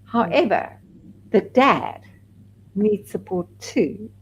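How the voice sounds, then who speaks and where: A woman from South Africa speaking as a podcast guest, recounting her own experience candidly. She talks at a slow, deliberate pace with a mid-range voice, and grows animated when she acts out the people she quotes. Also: medium pitch, husky, dull audio. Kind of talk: personal storytelling.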